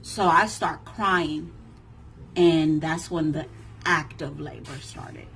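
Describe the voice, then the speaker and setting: A woman's voice: low voice, takes it slowly, a little hiss or hum, rough recording. Emotional woman in her thirties telling a story. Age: 30s. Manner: emotional, animated retelling that acts out others' lines. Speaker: vlogger. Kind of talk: personal storytelling to camera.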